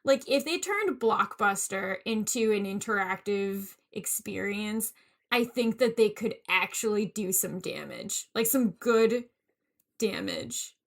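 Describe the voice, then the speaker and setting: A young woman co-hosts a podcast, chatting casually and filling her speech with "like." Her mid-range voice is expressive and gravelly, and she speaks slowly.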